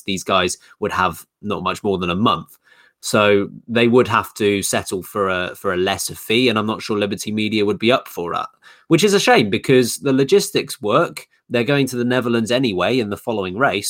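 A man's voice: on the low side, fairly bright tone. A man co-hosting a podcast, thinking aloud in casual chat with frequent ums and restarts. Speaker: podcast co-host.

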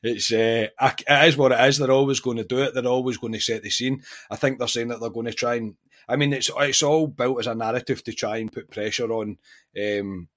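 A man's voice: medium pitch, fairly even intonation, a little fast, a bit bright. A Scottish man hosting a podcast, chatting casually and animatedly with frequent restarts and exasperated opinions. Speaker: podcast host.

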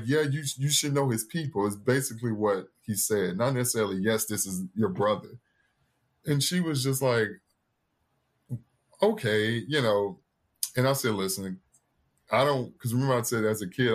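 Low-voiced man telling a personal story. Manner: earnest, candid storytelling with lively quoted voices. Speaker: podcast guest.

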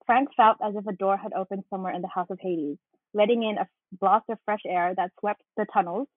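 Casting: husky-voiced woman co-host, reads aloud animatedly, phone-thin dry audio. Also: medium pitch, steady tone, a little fast, no room sound. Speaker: podcast co-host. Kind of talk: casual chat and reading aloud. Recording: tinny phone-like line.

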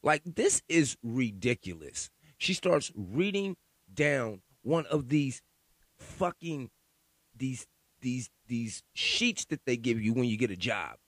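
A man's voice: mid-range voice, big pitch swings, slow, fairly bright tone, no room sound. A man from California hosting a podcast, ranting in a profane, worked-up monologue and often repeating words as he goes. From Sacramento, California. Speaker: podcast host.

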